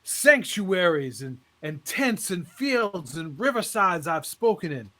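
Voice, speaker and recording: A man's voice: high-pitched, sing-song, bright, forceful tone, heavily acted. A man playing a pompous revival preacher. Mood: solemn build-up. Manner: pompous preaching cadence with drawn-out pauses. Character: booming male tent-revival preacher, showy and fervent.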